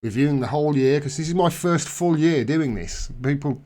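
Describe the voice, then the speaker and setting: A man's voice: on the high side, mellow. Chatty man hosting a live stream. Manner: chatty and rambling, with quick self-corrections. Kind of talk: casual live-stream chat.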